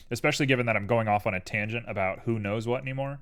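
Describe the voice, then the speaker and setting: A man's voice: medium pitch, rapid-fire, few pauses. Rambling young man streaming, keyboard clicks. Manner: rambling, tangential, animated. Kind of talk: casual live-stream chat while 3D modeling. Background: keyboard clicks and typing.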